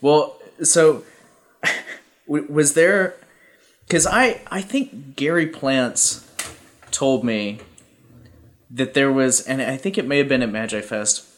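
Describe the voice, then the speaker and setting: A man's voice: mid-range voice, takes it slowly, long pauses. A man hosting a casual chat, asking long, rambling questions that hedge as he goes.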